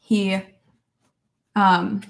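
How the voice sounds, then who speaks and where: A woman's voice: mid-range voice, little pitch movement, drawn-out words, creaky. Chatty young woman who swears casually. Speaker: vlogger reading viewer comments. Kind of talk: casual chat. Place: at her desk at home.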